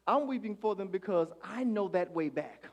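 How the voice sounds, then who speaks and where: A man preaching a sermon as pastor, calling on the congregation to answer back and swinging from hushed lines to shouts. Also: high-pitched, lively intonation, normal speed.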